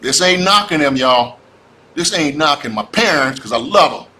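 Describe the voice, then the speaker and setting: Over slight background noise, a man's slightly high voice moves at a moderate pace. He's a real estate investor speaker on a livestream, preaching with animated energy about real estate and calling out to his audience, whom he addresses as "y'all."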